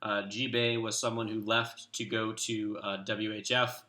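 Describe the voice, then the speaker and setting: A man's voice: fairly low pitch, measured pace. Chill guy rambling over game clips, lots of ums, echoey room. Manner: relaxed, rambling, many fillers. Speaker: clan leader and video host. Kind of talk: casual game commentary.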